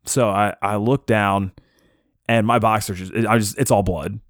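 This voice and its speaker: A young man casually telling a personal story on a podcast, animated and self-mocking, acting out the people he quotes. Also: fairly low pitch, moderate pace, no room sound, studio quality.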